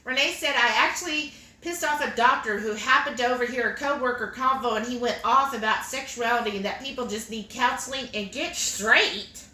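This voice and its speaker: A woman's voice: on the high side, a little fast, few pauses, pushed and bright. A woman, co-hosting a cooking livestream and reading viewer comments aloud in a chatty, giggly way. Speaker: cooking stream co-host. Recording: echoey kitchen room.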